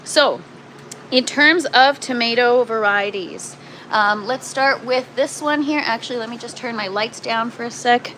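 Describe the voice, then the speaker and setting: A woman's voice: on the high side, measured pace, sharp tone, a little hiss or hum, rough recording. A Canadian woman casually hosting a gardening livestream from an indoor grow tent, chatting and answering viewer comments. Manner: chatty, self-deprecating, reads out viewer comments.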